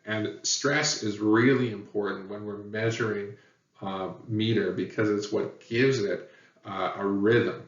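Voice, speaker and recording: A man teaching a lesson in a plain, patient way, pausing often with fillers. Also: on the low side, steady tone. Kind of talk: explanatory lecture. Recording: echoey, dull, far from mic.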